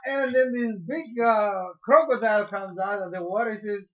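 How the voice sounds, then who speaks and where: Over crowd noise and a dull lo-fi recording, a high-voiced man co-hosts a casual radio chat. He tells long, rambling jokes, halting and stumbling over his words.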